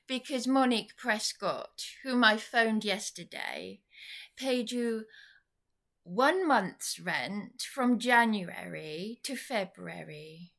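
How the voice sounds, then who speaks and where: A woman's voice: mid-range voice, slow pace, creaky, fairly bright tone. A woman in an indignant, rambling venting monologue to camera, sarcastic as she goes. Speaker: vlogger.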